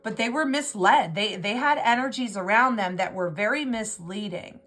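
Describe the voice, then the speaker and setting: A woman's voice: medium pitch, moderate pace, a bit bright. A woman giving an intuitive tarot reading, talking in an emotional, rambling way and often restarting her words. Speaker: tarot reader.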